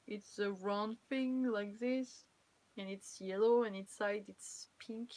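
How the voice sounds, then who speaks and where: A woman's voice: medium pitch, steady tone, takes it slowly, a little mellow. A young woman from France with a French accent, chatting casually and playfully on a live stream, laughing often and teasing her viewers. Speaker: cosplayer streamer.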